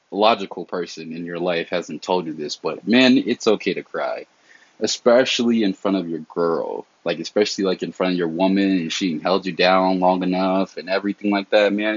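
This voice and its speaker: A young Southern man talks straight into the mic on his own podcast, candid and slangy, his voice low and husky. The recording is dry and a little dull, like lo-fi home gear. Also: dry recording. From American South. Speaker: podcast host. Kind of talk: casual solo podcast talk.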